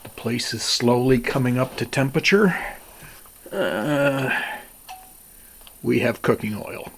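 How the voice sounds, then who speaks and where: A man talks at a very unhurried pace into a handheld camera, narrating his day at a small cabin in the woods. His delivery is plain and matter-of-fact, full of small asides, and a faint hiss sits under the recording. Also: medium pitch, lively intonation, gravelly. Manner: slow, plain-spoken, talking to himself with sighs and asides. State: out of breath. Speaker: cabin owner filming his visit. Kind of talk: casual vlog narration.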